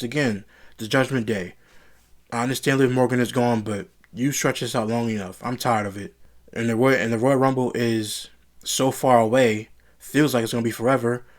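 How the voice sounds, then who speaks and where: A man giving a casual solo review of a wrestling show, blunt and opinionated, circling back to his complaints. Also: medium pitch. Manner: blunt, opinionated and repetitive, frustrated rants.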